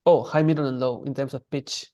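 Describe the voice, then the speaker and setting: A man's voice: mid-range voice, fairly even intonation, fairly quick, warm tone, no echo, muffled recording. A man teaching an online language class in a casual, restarting way, demonstrating sounds.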